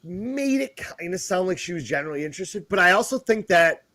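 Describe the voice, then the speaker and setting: A man's voice: high voice, animated, a little fast, bright, forceful tone, no echo. A man in his fifties telling rambling, profane stories as a podcast co-host. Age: 50s. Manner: rambling storyteller, swears freely. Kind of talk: casual chat.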